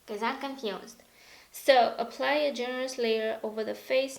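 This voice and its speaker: A woman beauty vlogger chatting casually through an unboxing, easily excited, her voice a little hoarse. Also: fairly high pitch, normal speed, reverberant, low-quality recording. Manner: chatty, easily excited, gasps and laughs often. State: slightly hoarse.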